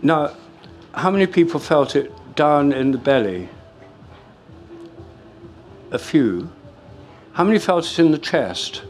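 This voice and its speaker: An older man giving a talk to a live audience in a lecture room, explaining in a measured way with frequent fillers and restarts. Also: a little high, lively intonation, soft background music.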